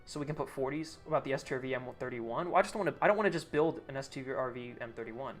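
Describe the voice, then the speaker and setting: A man's voice: medium pitch, very fast, soft background music. A young man streaming live, thinking aloud, reading chat and restarting sentences as he goes.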